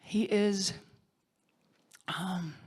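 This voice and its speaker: A woman's voice: medium pitch, very slow, darkish tone, husky. A woman minister giving an emotional award tribute, heartfelt and tearful, laughing at times and sometimes dropping to a whisper. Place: conference hall stage.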